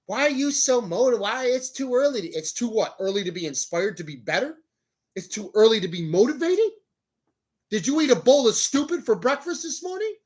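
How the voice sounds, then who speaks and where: Male motivational podcast host, loud and hyped, profane, jokey, speaking to camera indoors. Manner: loud, high-energy, swearing, jokey. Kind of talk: motivational casual talk.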